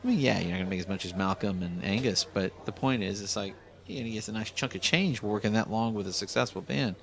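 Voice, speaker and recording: Casting: male co-host, low voice, fast profane rambling banter. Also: creaky, fairly bright tone. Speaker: podcast co-host. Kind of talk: casual comedy chat.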